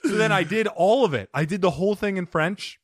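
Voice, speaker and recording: Lively man telling animated stories. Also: sits high, a little fast, dry recording, clean studio sound. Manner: animated storyteller who acts out voices. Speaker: podcast host. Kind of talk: casual chat.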